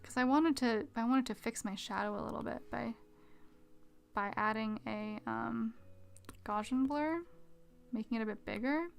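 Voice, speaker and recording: A woman streaming her drawing, chatting casually with viewers and muttering quietly to herself as she works at a mic with a pop filter. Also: on the high side, normal speed, vocal fry, pauses often, clear, resonant tone, faint music behind. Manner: chatty, reads chat aloud, mutters quietly to herself while working. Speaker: art streamer. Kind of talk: casual live-stream chat while drawing. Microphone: desk mic with pop filter.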